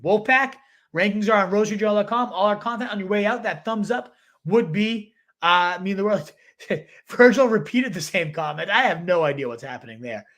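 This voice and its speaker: A man with a notably high-pitched voice hosts a loose fantasy football livestream. He reads viewer questions aloud and answers in rambling, halting bursts, restarting his sentences and leaning on fillers. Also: animated, a bit bright. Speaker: fantasy football show host. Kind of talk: casual livestream chat.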